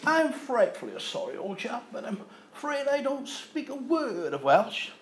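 A man's voice: very high-pitched, big pitch swings, measured pace, fairly bright tone, roomy sound, a little hiss or hum, voice pushed up, heavily acted. A man voicing a frightfully posh, overly polite upper-class Englishman in a joke. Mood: politely apologetic. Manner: plummy, clipped and overly polite.

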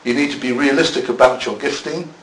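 A man's voice: mid-range voice, fairly even intonation, brisk, rough recording. A man preaching a sermon in a church, conversational, with self-deprecating asides.

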